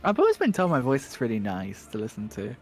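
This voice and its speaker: A man's voice: medium pitch, huge pitch swings, fast talker, faint music behind. Chatty joking man moderating a stream. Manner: chatty, joking, rambling with many restarts. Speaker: stream moderator co-hosting a speedrun stream. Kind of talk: casual stream chat, talking to viewers.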